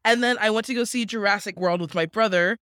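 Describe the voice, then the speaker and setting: A woman's voice: mid-range voice, quick pace, a bit bright, clean tone, no room sound, studio quality. A young woman co-hosting a podcast, chatting casually in a bubbly, giggly way. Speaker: podcast co-host. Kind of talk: casual chat.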